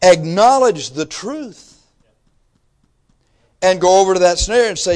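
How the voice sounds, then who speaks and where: Preaching with force and expression, this man takes his sermon at a slow pace with long pauses. He shifts from hushed remarks to loud urging, reads passages of scripture, and dramatizes the excuses of his audience.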